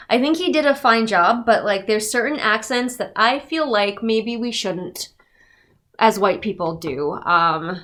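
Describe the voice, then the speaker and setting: A woman's voice: mid-range voice, sharp tone. A woman giving a casual, sarcastic and exasperated book review rant.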